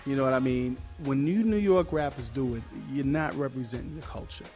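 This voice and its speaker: A man's voice: medium pitch, brisk, a little mellow, soft background music. A man in a casual radio chat, weighing his words.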